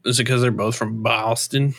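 A man's voice: mid-range voice, fairly even intonation, moderate pace, fairly bright tone, no echo. A man co-hosting a podcast in casual chat, arguing back with disbelief. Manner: incredulous, argumentative banter. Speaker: podcast co-host.

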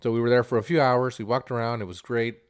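A man vlogger telling a casual, animated travel story, rambling and repeating words as he goes. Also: medium pitch, fast talker, clear, resonant tone.

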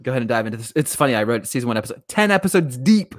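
Low-voiced wry woman podcast co-host. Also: big pitch swings, rapid-fire, no echo, studio quality. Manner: giggly, wry, sarcastic. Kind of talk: casual rewatch podcast chat.

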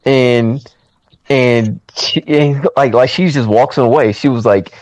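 Medium in pitch and unhurried, the same podcaster comes through on a dry recording. In a relaxed chat he walks through a movie's story, voicing the characters' lines with lively, animated flair.

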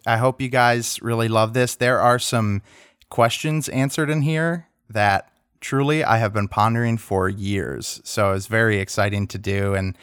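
A man's voice: fairly low pitch, a bit bright, clear, resonant tone, no room sound. A man co-hosting a podcast speaks earnestly and from the heart to listeners. His voice sits mid-range and sounds dry and close. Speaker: podcast co-host. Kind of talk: casual podcast chat.

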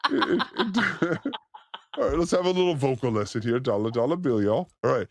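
A man's voice: mid-range voice, expressive, normal speed, dry recording, studio quality. A man hosting a casual comedy livestream, crude and joking, often slipping into put-on accents. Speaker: livestream host. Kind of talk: loose comedic livestream chat.

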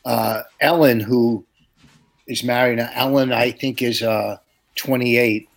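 A man's voice: medium pitch, steady tone, slow pace, vocal fry. Rambling middle-aged man telling stories. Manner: rambling storyteller, laughs at own jokes. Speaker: comedian podcast host. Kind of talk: casual chat.

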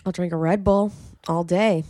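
A woman's voice: lowish voice, fairly even intonation, moderate pace, dark tone, dry recording, studio quality. A young woman co-hosting a podcast, chatting casually about a reality show and mimicking people in quoted voices. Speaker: podcast co-host.

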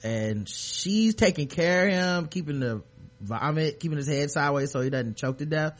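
With a voice on the high side and a moderate pace, the podcast host chats casually about a TV episode. His recap is lively and profane, full of acted-out quotes.

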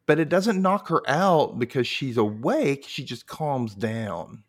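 A man's voice: mid-range voice, slow. A man hosting a casual TV recap podcast, joking and acting out characters' lines. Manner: animated, jokey, acts out characters' lines. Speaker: podcast host.

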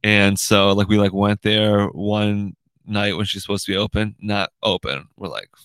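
A young man hosts his own show from a room in his house, delivering a casual, rambling monologue full of swearing and ending lines with "dude" and "right?" His voice sits on the low side with a level tone and normal speed, a bit bright and clean, with no echo.

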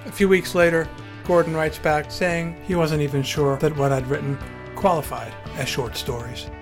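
A man's voice: fairly high pitch, steady tone, moderate pace, soft background music. A man telling a first-person story with acted dialogue in a dry, wry, articulate way, and hosting his podcast.

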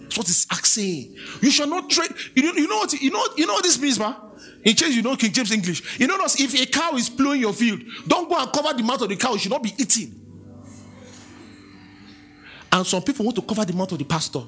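A man's voice: very high voice, very animated, fairly quick, bright, forceful tone, soft background music. A Nigerian man preaching in a church, swinging between conversational asides and chanted King James scripture. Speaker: pastor. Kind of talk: sermon.

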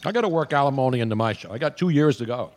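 A man's voice: mid-range voice, expressive, slight background noise. A male radio talk-show host bantering casually and cracking jokes with his guest. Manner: quick joking interjections.

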